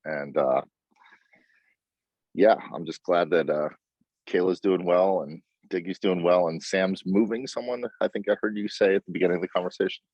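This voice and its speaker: A man chatting on a video call from outside by a house, halting with many fillers and pauses. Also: deep voice, darkish tone, no room sound. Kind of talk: casual chat. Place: outdoors by a house in the sun. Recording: dull lo-fi video call audio.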